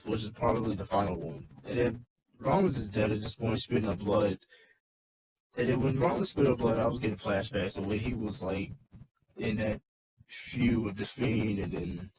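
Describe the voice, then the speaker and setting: A man's voice: fairly low pitch, rough recording. A man casually recapping a wrestling show in a loose, rambling, swearing rant.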